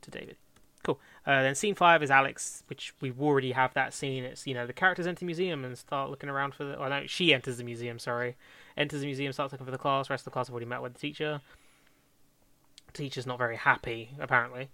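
A young man talks through script ideas in a loose, rambling way, often correcting himself and laughing. His voice is bright and forward, and the sound is close and dry. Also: mid-range voice, fairly even intonation, fast talker, no room sound. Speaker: fan script co-writer. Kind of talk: casual planning chat.

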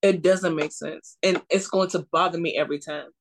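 A woman's voice: fairly low pitch, steady tone, moderate pace, slight background noise. Blunt, exasperated woman podcaster. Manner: blunt, exasperated, profane ranting. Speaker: podcast co-host. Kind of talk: casual chat.

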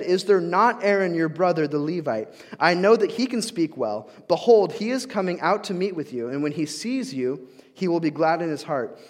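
Casual young male preacher in a reverberant hall. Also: on the high side. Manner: casual, frequent fillers and restarts, acts out quoted voices. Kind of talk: conversational sermon.

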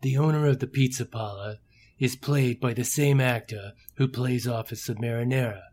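A man's voice: medium pitch, steady tone, normal speed, darkish tone, slight background noise, lightly acted. A man narrating a comedy sketch as its announcer, dry and matter-of-fact.

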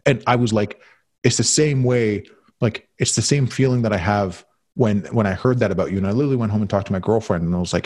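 A deep, husky man who is concussed speaks in a heartfelt, halting way. He stumbles and restarts often as he searches for words. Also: a little mellow. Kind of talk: emotional conversation.

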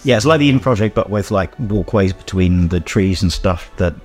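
A man narrating a tabletop game as game master, rambling with many pauses and fillers. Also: low voice, soft background music. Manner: rambling, with many ums and uhs.

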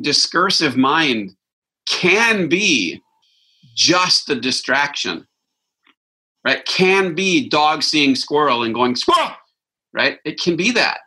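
A man's voice: on the high side, bright, forceful tone, husky, low-quality recording. A man giving an informal spiritual talk as a Christian teacher, reflective and conversational, thinking aloud as he goes.

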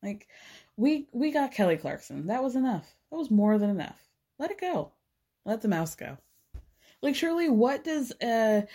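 A woman hosting a podcast, recapping a show in a chatty, sarcastic way with frequent laughs. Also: medium pitch. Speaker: podcast host. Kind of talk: casual recap chat.

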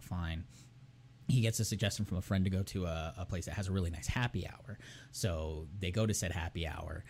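A man's voice: deep voice, slight background noise. A young man on a podcast, casually recapping a TV episode in a rambling way and acting out the characters' lines as he goes. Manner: rambling storyteller who acts out characters' lines. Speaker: podcast co-host.

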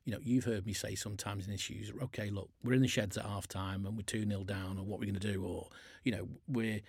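A man's voice: fairly low pitch, steady tone, fast talker, vocal fry, darkish tone, husky, dry recording, studio quality. A man, chairman of a business, talking casually on a podcast, telling sports stories and often restarting his sentences. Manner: chatty, restarts a lot, uses sports stories.

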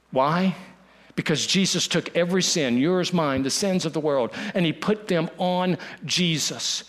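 A man preaching a sermon, dropping to a hush and then rising to urgency, repeating lines for emphasis. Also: high voice. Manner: preaching with dramatic dips to a hush and rises to urgency. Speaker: pastor.

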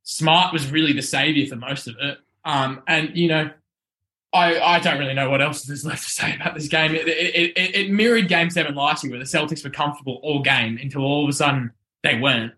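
Hoarse excited man on a podcast. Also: fairly high pitch, fairly quick. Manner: excited, rambling, with restarts. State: hoarse from shouting. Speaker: podcast panelist. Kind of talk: casual sports podcast chat.

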